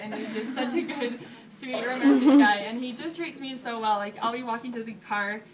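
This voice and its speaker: A woman's voice: on the high side, a little fast, distant mic, noisy background. Bubbly young woman telling a story. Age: young adult. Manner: bubbly, animated, laughing often. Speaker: newly engaged college student. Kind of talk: casual storytelling to an audience.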